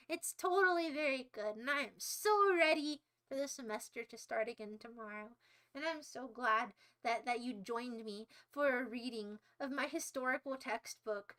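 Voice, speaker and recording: A woman's voice: sits high, bright, forceful tone. A young woman hosting a livestream, talking casually in a melodramatic, mock-despairing and playfully insulting way. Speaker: livestream host.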